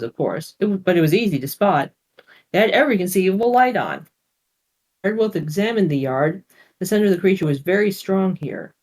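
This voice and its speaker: A reader narrating a fantasy story aloud in a steady, plain manner. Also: mid-range voice.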